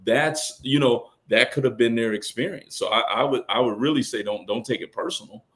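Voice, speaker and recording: A middle-aged man speaking as a podcast guest, telling colloquial stories, acting out other people's lines, and swinging from loud bursts to hushed asides. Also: mid-range voice, a little fast. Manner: colloquial, quotes others in character. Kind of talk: casual storytelling on a podcast.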